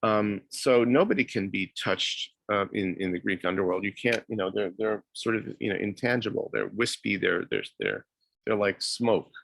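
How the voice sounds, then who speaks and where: A man's voice: lowish voice, expressive, normal speed, creaky, fairly bright tone, no echo. A man giving a university lecture, hesitant, with many fillers and restarts.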